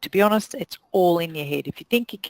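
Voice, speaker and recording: A woman's voice: lowish voice, expressive, quick pace, darkish tone, poor audio. A middle-aged woman with a New Zealand accent, giving a blunt, direct motivational talk to salon owners and hairdressers. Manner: blunt, direct, acts out quoted voices. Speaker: salon business coach.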